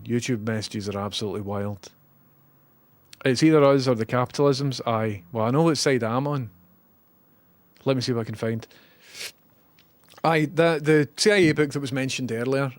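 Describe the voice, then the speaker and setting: A man's voice: medium pitch, no echo. Wry man hosting a livestream. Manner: chatty, wry, reading out viewer comments. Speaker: livestream host. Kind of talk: casual live commentary.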